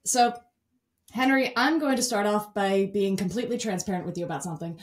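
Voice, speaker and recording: A woman's voice: mid-range voice, brisk. A young woman hosting a podcast in a casual, bubbly way, laughing often. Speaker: podcast host.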